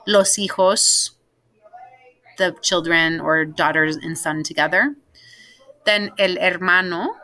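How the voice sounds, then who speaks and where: Bright-voiced woman teaching Spanish vocabulary. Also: low-pitched. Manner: patient, explains vocabulary step by step with many ums. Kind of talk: recorded class lesson.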